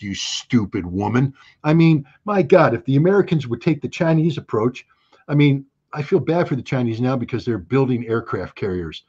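Husky-voiced man, emphatic and sarcastic. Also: mid-range voice, dark tone, highs cut off. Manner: emphatic and sarcastic, with mocking asides. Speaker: interview guest. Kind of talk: animated conversational commentary.

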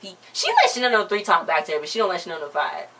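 Fast-talking bright woman recapping a show. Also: fairly low pitch, recorded from a distance. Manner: animated, retells scenes and quotes characters. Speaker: TV recap co-host. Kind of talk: casual recap chat.

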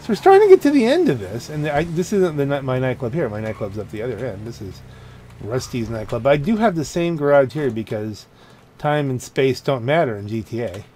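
A man's voice: medium pitch, sing-song, brisk, dark tone, a little hiss or hum. A man giving a rambling, casual commentary while touring his car garage in a video game, often stopping to correct himself. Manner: rambling, self-correcting, chatty. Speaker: gaming channel host. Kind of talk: casual let's-play commentary.

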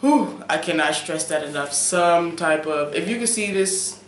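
A young woman in a casual talk-to-camera vlog, animated and preachy, who keeps checking in with "okay?" and swings between loud emphasis and soft asides. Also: lowish voice, measured pace, reverberant, slight background noise. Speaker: vlogger. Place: room at home, late at night.

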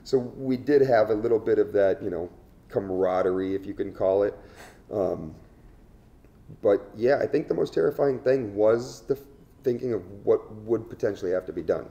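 Gravelly low-voiced man telling his story. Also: expressive, warm tone, highs cut off. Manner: halting, restarts often. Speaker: interview guest. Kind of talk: candid storytelling.

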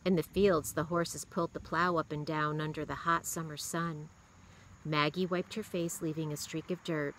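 A woman reading a children's novel aloud in a steady, expressive way. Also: low voice, normal speed, slight background noise, poor audio. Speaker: reader.

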